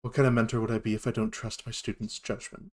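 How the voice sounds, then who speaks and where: A man's voice: on the low side, level tone, fast, darkish tone, lightly acted. A man voicing a kindly old male dragonborn mentor with a genteel, welcoming manner. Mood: warm welcoming.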